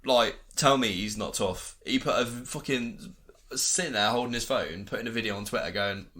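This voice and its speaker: A man's voice: medium pitch, moderate pace, bright, forceful tone. A man co-hosting a casual chat. He rants in heated bursts, swears a lot and mocks others by quoting them in put-on voices. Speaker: podcast co-host.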